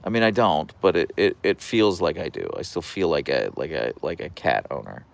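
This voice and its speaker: A man hosting a casual livestream, reading viewer comments aloud in a calm, soft-spoken voice with a radio-like quality. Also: a bass voice, normal speed, vocal fry. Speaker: livestream host. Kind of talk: casual live-stream chat reading comments.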